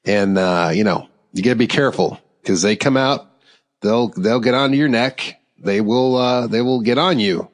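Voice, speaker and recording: A man's voice: medium pitch, moderate pace, big-room sound. A man hosting a podcast, telling stories in casual chat and laughing through them. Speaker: podcast host.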